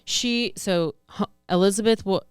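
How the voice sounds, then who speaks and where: A woman's voice: medium pitch, normal speed, smooth, no echo, clean studio sound. A woman co-hosting a true crime podcast, rambling casually with lots of fillers. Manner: chatty, rambling, trails off with fillers. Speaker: podcast co-host.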